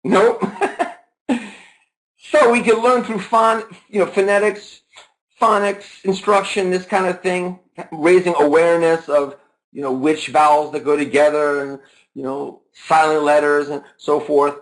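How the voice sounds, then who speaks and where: A man's voice: fairly high pitch, fairly even intonation, measured pace, low-quality recording. A man presenting a live teaching webinar over a video call, who keeps asking the audience questions and then answers them himself, and who stretches words out to show stress and intonation.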